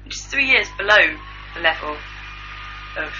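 A woman's voice: fairly low pitch, lively intonation, normal speed, sharp tone, a little hiss or hum. A woman co-hosting a podcast in casual, dry chat. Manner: chatty, dry, swears casually. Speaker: podcast co-host. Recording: dull lo-fi podcast recording.

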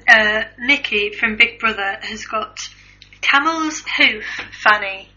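A woman's voice: fairly high pitch, takes it slowly, sharp tone. A woman co-hosting a casual chat show, gossiping about tabloid news with giggles. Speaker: co-host. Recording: dull lo-fi recording.

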